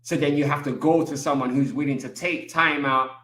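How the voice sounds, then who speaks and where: Animated man with street slang. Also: mid-range voice, a little fast, roomy sound. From England. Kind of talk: casual chat.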